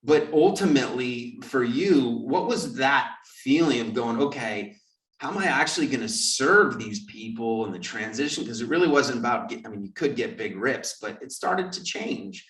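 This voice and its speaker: A man hosting a podcast, telling a lively story and acting out the quoted lines. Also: mid-range voice, moderate pace. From California. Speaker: podcast host. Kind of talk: storytelling in casual interview. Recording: roomy, distant mic.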